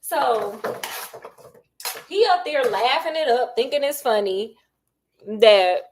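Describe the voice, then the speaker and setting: A woman's voice: on the high side, animated, takes it slowly, slight background noise. A woman, chatting while she cooks and gossiping about reality TV in a sassy, dramatic way. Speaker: cooking vlogger. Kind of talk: casual chat while cooking.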